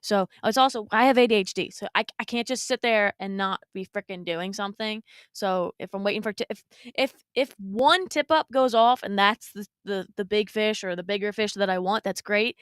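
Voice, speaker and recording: Woman, mid pitch, smooth clear voice, blunt, upbeat, casual podcast chat. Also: normal speed, no room sound, studio quality. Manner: blunt, upbeat, lightly swearing. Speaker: co-host guest.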